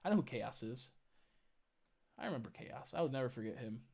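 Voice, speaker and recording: A man's voice: medium pitch, expressive, fairly quick, gravelly, darkish tone. A tired man chatting casually on a live stream, rambling and swearing as he greets viewers. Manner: rambling, swearing, stumbles over chat names.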